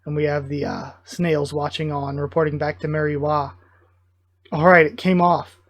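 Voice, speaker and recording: A man giving live reaction commentary, thinking aloud in an excited, musing way and often correcting himself mid-thought. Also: a little high, normal speed. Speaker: reaction video host.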